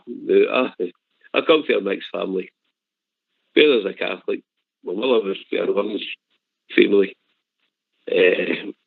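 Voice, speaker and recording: A man's voice: on the low side, gravelly, no echo. Older Glaswegian man on a tinny phone line. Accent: Scottish, Glasgow. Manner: rambling anecdote with laughs. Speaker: caller. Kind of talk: phone-in storytelling.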